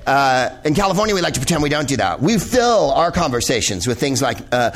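A man's voice: medium pitch, very animated, fairly quick, fairly bright tone. Rambling, profane male comedian. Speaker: comedian host. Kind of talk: live comedic monologue. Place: live venue in Los Angeles with audience.

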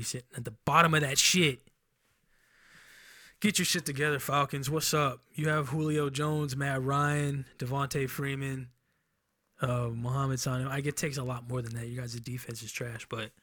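On his casual sports podcast out of Enumclaw, Washington, the young male host wanders through the standings, swearing freely and correcting himself mid-stream. The mid-range, slightly bright voice comes through studio-quality with no room sound.

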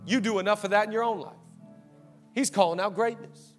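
A male pastor preaching an energetic sermon, telling stories and rousing the congregation with call-outs. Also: sits high, normal speed, pauses often, soft background music. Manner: animated storytelling, rousing the church with call-outs. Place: church auditorium.

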